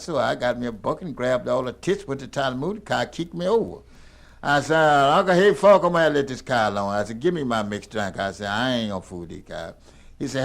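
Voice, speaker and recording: Gravelly older man spinning a yarn. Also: mid-range voice. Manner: folksy drawl, rambling and animated. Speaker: storyteller. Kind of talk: spoken tall tale.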